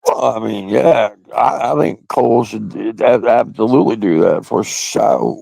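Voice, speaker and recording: Hosting a casual livestream, this man chats loosely and crudely with viewers and laughs often. His gravelly voice sits in the mid-range with a dark tone, moving at a moderate pace, and there's no echo.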